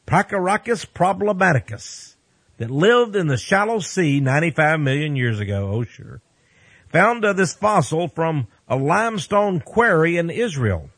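A man preaching in a folksy commentary style, his voice slightly husky and set a little high. He swoops up and down with animated energy, exclaiming and slipping in chuckling asides to his listeners. The sound is dry and close. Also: unhurried, no echo. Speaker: radio preacher.

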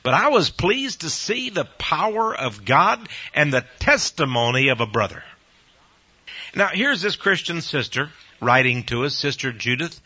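A man preaching on the radio, telling a story and quoting others, his voice rising high when excited. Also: measured pace, husky. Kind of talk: preaching testimony. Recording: dull lo-fi recording.

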